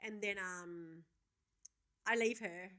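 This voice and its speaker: A woman's voice: mid-range voice, takes it slowly. A woman, co-hosting a podcast in casual chat and telling stories with lots of swearing and animation. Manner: animated storyteller, swears freely. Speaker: podcast co-host.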